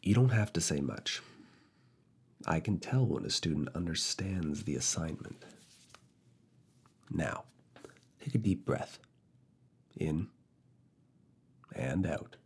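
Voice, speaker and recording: A man voicing a strict, teasing male university professor in a slow, soft, deliberate whispered role-play. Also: a bass voice, expressive, breathy edge, full character voice. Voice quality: soft, hushed, often whispered. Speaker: ASMR roleplay creator.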